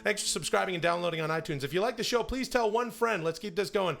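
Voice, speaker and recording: A man's voice: high-pitched, fast talker, vocal fry, fairly bright tone. A man co-hosting a comedy podcast with teasing, blustery bravado. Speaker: podcast co-host. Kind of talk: casual comedic banter.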